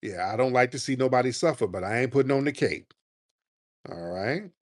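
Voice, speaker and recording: A man hosting a talk radio show, ranting in a combative, mocking, animated way. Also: mid-range voice, fairly quick. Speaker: radio host.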